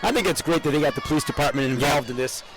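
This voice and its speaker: A man's voice: a little high, very fast, rough recording. An older man from upstate New York, co-hosting live parade coverage outdoors, chatty and rambling, with frequent laughs. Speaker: parade co-host.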